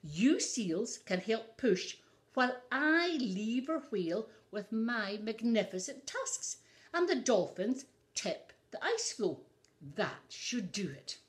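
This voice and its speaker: A woman voicing a booming, boastful male walrus in a storybook read-aloud. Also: huge pitch swings, moderate pace, few pauses. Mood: bossy. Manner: commanding, boastful.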